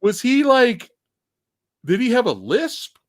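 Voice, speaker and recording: A male host in a casual livestream film discussion, animated and rambling, often laughing between points. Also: very high voice, slow, no room sound.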